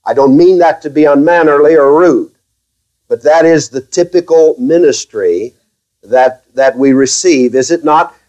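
In this sermon to his own flock, the preacher moves carefully at a measured pace, restarting lines and adding dry, lightly sarcastic remarks. His pitch is fairly high and the audio sounds dull.

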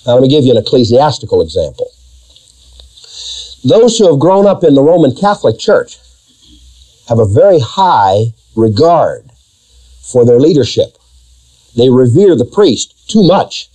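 A man's voice: medium pitch, sing-song, measured pace, long pauses, mellow, poor audio. A man preaching a sermon, emphatic and fond of rhetorical questions to his congregation. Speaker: pastor.

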